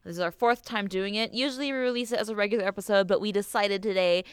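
A young American woman co-hosting a casual podcast, talking in a rambling, giggly way full of fillers. Her voice comes across smooth and clear. The sound is dry and close. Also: mid-range voice, quick pace, no echo. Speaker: podcast co-host.

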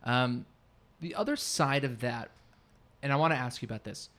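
A man's voice: mid-range voice, moderate pace, a bit bright. A man co-hosting a podcast in casual chat, rambling and searching for his words mid-sentence. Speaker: podcast co-host.

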